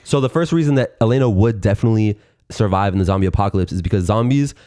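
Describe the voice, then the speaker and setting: A man's voice: fairly low pitch, very fast, mellow, clear, resonant tone, no echo, studio quality. A man co-hosting a podcast in casual chat, joking and laughing often. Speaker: podcast co-host.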